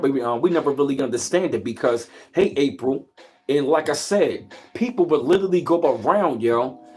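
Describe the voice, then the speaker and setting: A man's voice: fairly high pitch, darkish tone. A man hosting a livestream. He gives a casual, preachy motivational talk, greets his chat and repeats his points. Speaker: livestream host.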